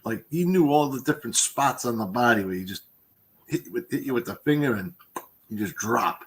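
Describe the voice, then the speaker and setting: A man's voice: mid-range voice, lively intonation, a little fast. A man chatting casually on a live stream, easygoing and teasing, laughing often. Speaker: guest co-host.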